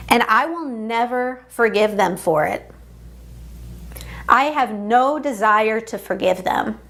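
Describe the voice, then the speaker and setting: A woman coach leading a guided tapping session, speaking in deliberate, repeated affirmations. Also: on the high side.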